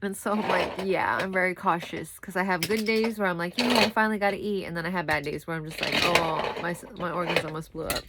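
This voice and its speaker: A woman's voice: on the low side, quick pace, hardly any pauses, heavy background noise. Tired, chatty young pregnant woman. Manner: rambling, chatty, breaks off to talk to her toddler. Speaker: vlogger. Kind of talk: casual chat to camera.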